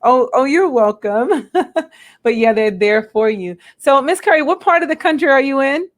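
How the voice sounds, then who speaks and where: A woman hosting a live-stream chat, speaking earnestly and appreciatively, with many soft fillers. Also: high voice, animated, normal speed. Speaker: host.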